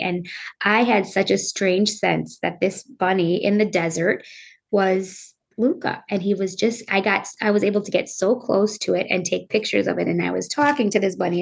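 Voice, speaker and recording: A middle-aged woman, a bereaved mother, telling her story earnestly and haltingly as a podcast guest. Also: medium pitch, vocal fry, a bit bright, slight background noise. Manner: earnest, halting, circling back on her words. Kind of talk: emotional personal storytelling.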